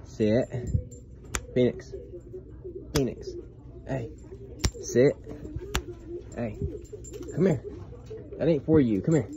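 A man's voice: mid-range voice, slow, long pauses, muffled recording, crowd noise. A man filming a casual vlog inside a discount store, coaxing and praising his puppy with repeated commands. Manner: coaxing dog-directed talk, repeated commands. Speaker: vlogger training his puppy.

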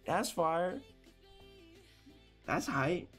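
Hyped young streamer with a high voice. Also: male voice, very animated, very slow, a bit bright, husky, faint music behind. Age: young adult. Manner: upbeat and hyped, greets chat by name, repeats phrases, apologetic. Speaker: livestreamer hosting viewer tournaments. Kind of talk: casual live-stream chat while gaming.

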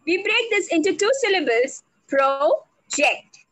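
A woman teaching on a video call, slow and deliberate, spelling out words letter by letter. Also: sits high, expressive, a bit bright, dry recording, poor audio. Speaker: English language trainer. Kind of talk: online speaking workshop.

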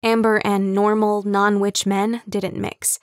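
A woman's voice: mid-range voice, flat delivery, slow, no echo. Woman narrating an audiobook, dry and close. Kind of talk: scripted narration.

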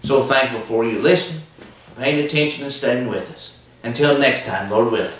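A man's voice: mid-range voice, normal speed, a bit bright, very echoey, distant mic, a little hiss or hum, low-quality recording. A man preaching a sermon, emphatic and repetitive, asking the listeners questions. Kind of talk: televised sermon.

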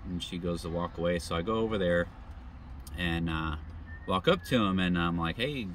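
A middle-aged man, a travel vlogger, casually telling a faith story in an animated, rambling way with many fillers. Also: sits low, normal speed, slight background noise.

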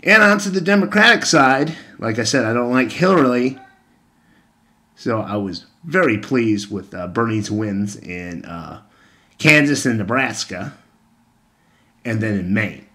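A man's voice: mid-range voice, animated, measured pace, sharp tone. A young man giving a casual vlog rant on the news, blunt and sarcastic, swearing freely. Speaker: political commentator.

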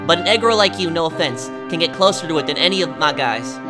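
A man's voice: fairly high pitch, lively intonation, fast, music in the background, close to an everyday voice. A man doing a brash New York mobster. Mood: brusque. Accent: put-on New York mobster. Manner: brash, condescending, sarcastic. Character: gruff scheming male mafia boss, middle-aged.

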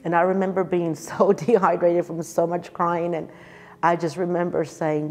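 A woman in her fifties tells her personal testimony in an earnest, emotional way, circling back and repeating phrases for emphasis. Her voice sits a little low. It rings with long hall reverb, with soft music underneath. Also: little pitch movement, moderate pace. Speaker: church speaker sharing her testimony.

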